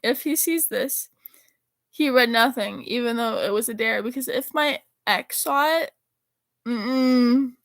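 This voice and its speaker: A teenage girl with a high, gravelly voice casually reads a string of texts into her phone, rambling, animated, and swearing freely. She takes it slowly, and the close recording is dry with no room sound.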